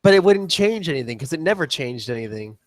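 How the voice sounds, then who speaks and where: A man's voice: fairly high pitch, very animated, quick pace, dry recording, studio quality. A man co-hosting a podcast, sarcastic and swearing freely in casual chat. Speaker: podcast co-host.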